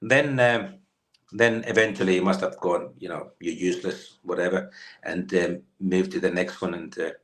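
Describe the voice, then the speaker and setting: A man's voice: low voice, fairly even intonation, normal speed, a bit bright. A Finnish man in his fifties, a former footballer, telling rambling stories in an interview with many fillers and restarts. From Finland. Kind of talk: storytelling interview.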